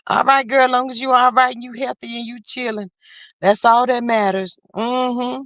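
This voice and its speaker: A woman's voice: a little high, fairly even intonation, normal speed, fairly bright tone, no echo, dull audio. A woman hosting a casual live stream, talking straight to her viewers and reading out the chat in a folksy, chatty way.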